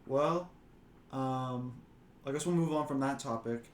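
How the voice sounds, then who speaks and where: A man's voice: medium pitch, measured pace. Young man interviewing, echoey room. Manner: easygoing, backchannels with yeahs. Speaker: son and interviewer. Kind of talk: casual family interview. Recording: echoey room with faint noise.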